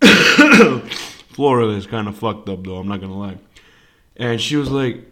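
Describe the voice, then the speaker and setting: A man's voice: lowish voice, unhurried, long pauses. A young man hosting a podcast, telling a rambling story full of swearing in a casual monologue. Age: young adult. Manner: profane, rambling and animated. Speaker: podcast host.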